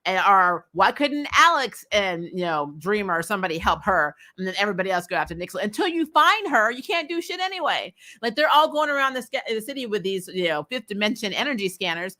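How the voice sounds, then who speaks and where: A woman talks through a TV episode in a loose, chatty way, full of fillers and quick laughs. Her voice is bright and a little tense, and she sounds openly exasperated and opinionated as she goes. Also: medium pitch, animated. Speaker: host. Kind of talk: casual TV episode recap.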